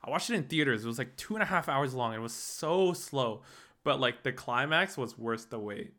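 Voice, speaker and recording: Young female podcast co-host, lively pitch, teasing and profane, casual. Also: normal speed. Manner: teasing, swearing, playful. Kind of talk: casual chat.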